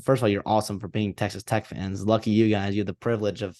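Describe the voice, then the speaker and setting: A man's voice: on the low side, level tone, fast, a little mellow, no room sound, clean studio sound. A man co-hosting a sports podcast, talking casually and rambling with many restarts and fillers. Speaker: podcast co-host.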